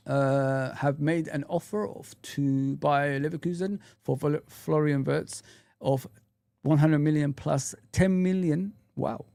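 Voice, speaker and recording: A young man hosts a casual livestream in a loose, slangy way. His voice sits a little high and has plenty of gravel to it, and the sound is dry and close. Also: dark tone, no echo. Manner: loose, chatty, with slang like "big up" and "innit". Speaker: livestream host. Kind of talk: casual live chat reading comments. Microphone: streaming setup mic.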